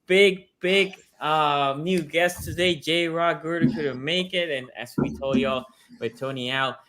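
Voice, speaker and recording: A man's voice: on the high side, measured pace. A man hosting a live sports talk show, upbeat and chatty, reading out viewer comments. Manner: energetic, reads out chat comments. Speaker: show host. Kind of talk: casual sports podcast chat.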